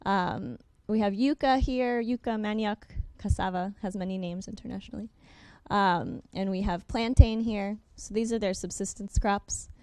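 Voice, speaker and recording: A young adult woman gives a workshop presentation with slides, her mid-range voice smooth, clear, and dark in tone. Her delivery is fast and self-correcting, full of ums and uhs and restarted sentences. No room echo is audible; the sound is dry and close.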